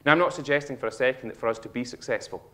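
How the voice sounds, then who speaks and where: A man in his thirties with a Scottish accent, giving a humorous motivational talk on stage and acting out a child's lines with animated storytelling. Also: medium pitch, very fast. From Scotland. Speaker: speaker. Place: auditorium stage.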